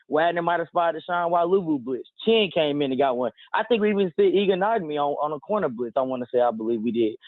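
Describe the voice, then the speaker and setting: A man's voice: on the high side, dry recording. A man calling a sports radio show, breaking down the game at length over a phone line. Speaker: caller.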